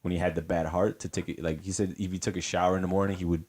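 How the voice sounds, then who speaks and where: A man's voice: deep voice, flat delivery, rapid-fire, a little mellow, breathy edge. A man co-hosting a podcast in casual chat, laid-back and rambling, with lots of fillers and swearing. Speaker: podcast co-host.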